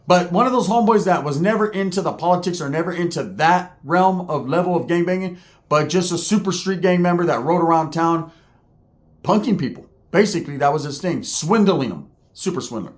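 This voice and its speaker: A man in his forties telling a street story in a profane, slangy, animated way. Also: fairly high pitch.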